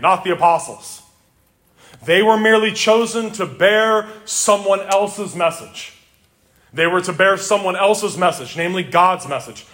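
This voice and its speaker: Male pastor, emphatic sermon delivery, slightly higher voice, deliberate scripture reading. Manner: emphatic, swings between loud declarations and low intense asides.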